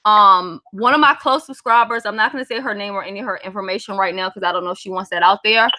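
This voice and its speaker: A woman's voice: medium pitch, fast, sharp tone, no echo. A woman hosting a livestream, chatting casually and bluntly with frequent swearing. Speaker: livestream host.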